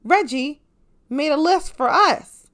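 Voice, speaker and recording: A woman delivers an impassioned, profanity-laced rant as a show host. Her slightly high voice leaps even higher when she's angry, then drops low and quiet when she turns sarcastic. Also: slow pace. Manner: heated, profane, swings loud and pitch-jumping.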